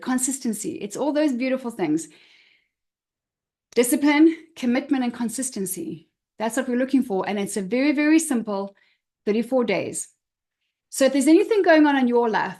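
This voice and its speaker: Middle-aged woman, high voice, energetic motivational coach who leans hard on key words. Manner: expressive, emphatic, repeats key words. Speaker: confidence coach. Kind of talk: motivational talk to listeners.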